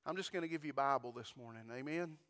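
A man's voice: mid-range voice, quick pace, a bit bright, big-room sound. A man preaching a conversational sermon as pastor, often asking the congregation for amens and repeating words as he starts a phrase.

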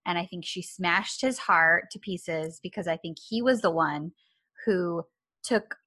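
Animated woman sharing show theories. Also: on the low side, measured pace, no echo. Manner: animated, laughs often, shares theories. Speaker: co-host reviewing a show. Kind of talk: casual chat.

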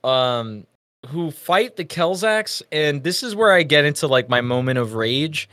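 A young man co-hosting a casual review chat, lively and acting out quotes in a raised voice. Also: on the high side, unhurried, no echo, studio quality. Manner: animated, acts out quotes in raised voice. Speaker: podcast co-host.

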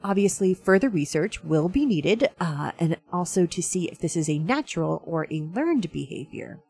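A woman with a low, gravelly voice and a husky edge talks through a science story in a casual, chatty way. She fills her sentences with ums and asides like an enthusiastic science fan. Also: lively intonation, moderate pace, darkish tone. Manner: chatty, many fillers, self-described science dork. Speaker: host. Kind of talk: casual science news talk.

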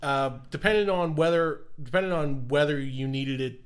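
A man chatting on a casual podcast, his voice sitting a touch high. He talks in an easy, knowing way and delivers his jokes dryly. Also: moderate pace. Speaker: podcast co-host. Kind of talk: casual chat.

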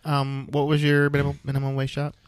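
A man co-hosting a podcast, joking and quick with a quip in casual chat. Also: fairly high pitch, monotone, clear, resonant tone, dry recording, studio quality. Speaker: podcast co-host.

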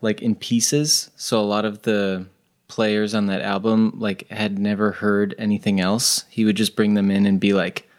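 Lowish man chiming in thoughtfully. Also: level tone, measured pace. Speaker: band member podcast host. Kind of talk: casual chat.

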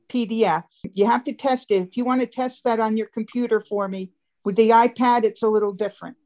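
On a conference call, a webmaster chats as she guides listeners through a website step by step, laughing now and then. Her voice is fairly high and a little mellow.

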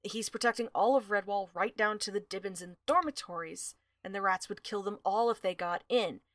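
A woman co-hosts a casual book podcast and recaps the plot in a relaxed voice, dropping in frequent "uh"s. Her voice comes across dry and close, with no room around it. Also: mid-range voice, brisk, no echo. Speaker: podcast co-host.

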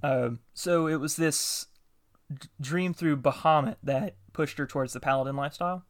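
A man's voice: a little high, normal speed, no echo, studio quality. Man hosting a casual chat. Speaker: podcast host, game master.

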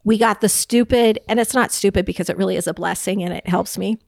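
A woman's voice: medium pitch, fast, creaky, a little mellow, no room sound. A woman co-hosting a podcast, explaining in a thoughtful, careful casual conversation. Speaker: podcast co-host.

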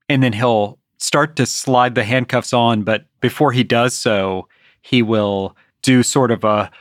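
A man playing a tabletop game, casually laying out his character's moves step by step. His voice is mid-pitched, recorded close and dry with no room sound. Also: no echo. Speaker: player.

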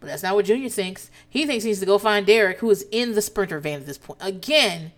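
A woman casually recapping a reality TV episode, animated and profane, laughing often as she talks. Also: medium pitch, fast talker. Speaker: TV recap host.

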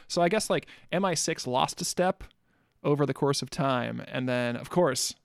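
Male podcast co-host, gravelly, rambling comic riffs, dead-dry room. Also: normal speed, dry recording. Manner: rambling, riffing on silly movie pitches. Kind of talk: casual comedic chat.

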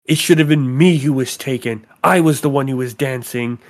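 A man's voice: medium pitch, moderate pace, close to an everyday voice. Man doing a heartfelt young tavern lad, earnest, sincere.

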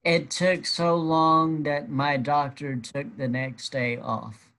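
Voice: medium pitch, little pitch movement, slow pace, fairly bright tone. A guest telling a personal story in a casual, wry and matter-of-fact way.

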